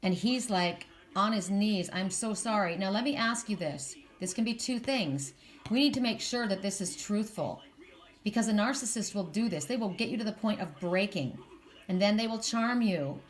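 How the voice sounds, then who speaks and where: Woman doing a tarot reading, fired up, talks right to viewers, repeats stuff for emphasis. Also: mid-range voice. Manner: impassioned, talks straight to viewers, repeats words. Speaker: tarot card reader. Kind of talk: spiritual card reading monologue.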